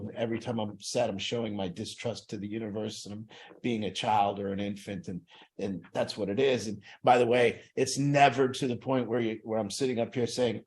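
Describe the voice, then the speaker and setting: A man's voice: on the low side, darkish tone. A man leading an addiction recovery group in a room, talking earnestly and reflectively, acting out the inner voices he describes.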